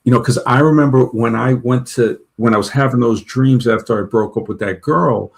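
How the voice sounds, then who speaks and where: A man with a gravelly, creaky voice, talking at a middle pitch. He tells long personal stories in a loose, rambling way, restarting sentences and acting out what others said. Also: moderate pace. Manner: rambling, full of restarts and "she goes" retellings. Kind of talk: casual storytelling chat.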